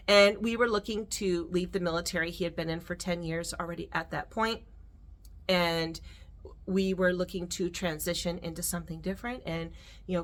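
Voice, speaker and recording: A middle-aged American woman with a slightly low voice tells a personal story to the camera. She talks earnestly and with feeling, pausing to restart her sentences and filling gaps with little "uh"s and "you know"s. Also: sharp tone. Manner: earnest, emotional, with restarts and fillers. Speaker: vlogger.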